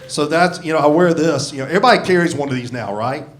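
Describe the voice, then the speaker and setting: A man's voice: on the high side, fast. A man in his sixties doing a profane, self-deprecating stand-up set into a handheld microphone on a comedy club stage. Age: 60s. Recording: live comedy club with audience laughter.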